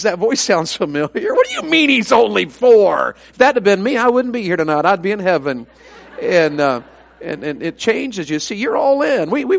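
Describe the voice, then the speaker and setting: Middle-aged man, evangelist sermon, folksy humorous storytelling, fairly high voice. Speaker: evangelist preacher.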